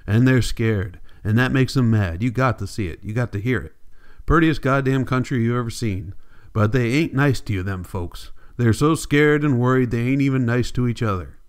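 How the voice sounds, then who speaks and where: A man's voice: mid-range voice, moderate pace, smooth, natural voice. A man reading the part of a weary, bitter migrant farmer father in blunt rural folk speech, for an audiobook.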